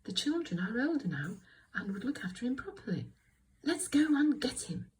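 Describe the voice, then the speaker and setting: A little toy bear speaks in a small, high, excited voice, as a woman reading aloud puts him on. He is eager and determined. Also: normal speed, a little hiss or hum.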